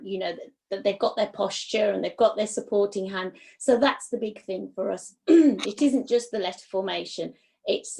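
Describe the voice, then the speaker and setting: English woman teacher, 50s, gravelly, practical answers on a video call. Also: medium pitch. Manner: plain, practical, with fillers. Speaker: teacher, guest.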